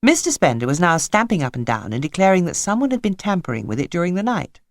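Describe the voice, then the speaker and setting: A woman narrates a children's novel with wry, expressive phrasing. Her voice sits low but swings widely in pitch. The studio recording is close and dry. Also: quick pace, dry recording. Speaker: audiobook narrator. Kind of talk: scripted narration.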